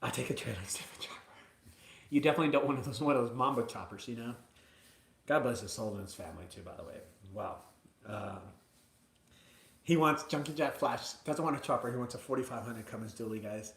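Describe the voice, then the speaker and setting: A man hosting a live video from his mother's house, chatting casually and excitedly to viewers, rambling between hype and emotion. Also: medium pitch, fairly quick, reverberant. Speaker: junk removal business owner hosting a live video.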